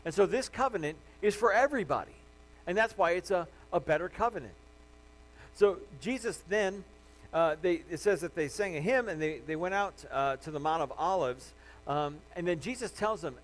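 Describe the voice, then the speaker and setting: A man's voice: fairly high pitch, lively intonation, moderate pace, rough recording. Earnest man preaching a sermon. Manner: earnest, rising to loud emphatic passages; frequent fillers and restarts, reading scripture aloud. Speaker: pastor.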